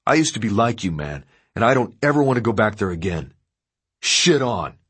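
A man reading an audiobook voices a menacing, drugged-up young man who goads and bullies loudly. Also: fairly low pitch, sing-song, moderate pace, husky, heavily acted. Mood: bullying. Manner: loud, bullying goading.

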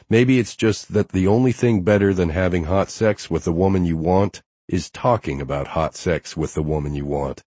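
A man reads first-person audiobook narration in a measured, even manner. His voice sits very low. The recording is dry and close, with no room sound. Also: slightly rough, no echo.

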